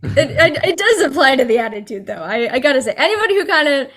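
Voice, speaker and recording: A woman's voice: high-pitched, very animated, fast talker, a bit bright. A young woman from New Jersey, chatting expressively as a guest on a video-call interview. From New Jersey, USA. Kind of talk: casual interview chat.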